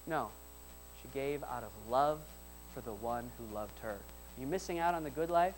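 A man preaching a sermon to a congregation in church. He builds repeated lines into loud emphatic peaks and drops to soft, quiet asides between them. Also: medium pitch, normal speed, poor audio. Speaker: pastor. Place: church service before a congregation.

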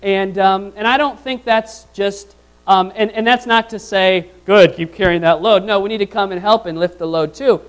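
Male pastor, casual sermon delivery, quizzes the congregation and swings between loud points and soft asides. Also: sits high, poor audio. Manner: conversational, asks the congregation questions and repeats phrases.

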